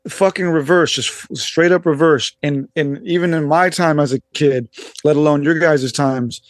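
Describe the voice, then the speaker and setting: A man's voice: fairly high pitch, fairly even intonation, moderate pace, dry recording, clean studio sound. A man as a podcast guest, explaining at length in a laid-back way, with casual swearing.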